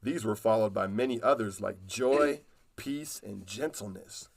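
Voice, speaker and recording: A man reading a children's storybook aloud in a calm, unhurried way. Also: fairly low pitch, creaky, breathy edge.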